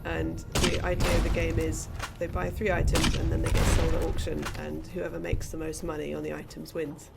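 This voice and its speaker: Woman, co-streamer: low pitch, lots of vocal fry, game music loud behind. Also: monotone, a little fast, few pauses. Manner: chatty, laughing, loosely rambling. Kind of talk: casual chat over a game stream.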